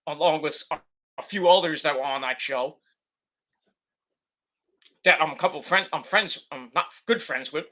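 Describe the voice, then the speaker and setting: A man hosts a casual wrestling review show from a computer setup, rambling, swearing freely and often correcting himself mid-rant. His voice sits on the high side, bright and forceful.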